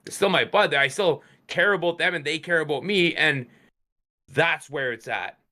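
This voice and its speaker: A man's voice: fairly high pitch, moderate pace, sharp tone. A man hosting a casual podcast chat, talking in a friendly, earnest way. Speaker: podcast host.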